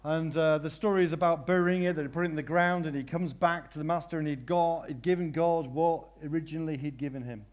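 Man preaching with dramatic hushed-to-loud swings. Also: on the high side, fairly even intonation. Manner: drawn-out, emphatic phrasing with repeated questions. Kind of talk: sermon.

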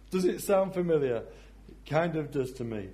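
A man preaching a sermon in a reflective way, often dropping to a soft voice for emphasis. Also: a little high.

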